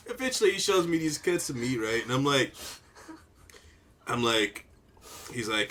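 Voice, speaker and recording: A man's voice: medium pitch, lively intonation, unhurried, pauses often. A man hosting a casual podcast, telling a rambling story and laughing often. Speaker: podcast co-host. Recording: noisy home podcast recording.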